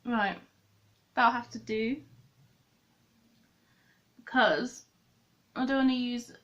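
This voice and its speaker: A woman with a slightly high voice talks through her makeup as she works. She rambles and corrects herself mid-sentence in a loose, chatty way. The audio is a bit dull and lo-fi. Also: steady tone, slow pace, a bit bright. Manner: thinks aloud, rambling and self-correcting. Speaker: beauty vlogger.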